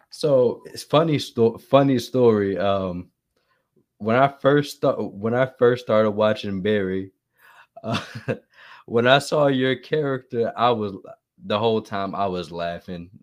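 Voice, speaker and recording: A man's voice: fairly low pitch, takes it slowly. A man hosting a podcast interview, chatting casually and eagerly, stumbling as he starts his sentences. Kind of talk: casual chat.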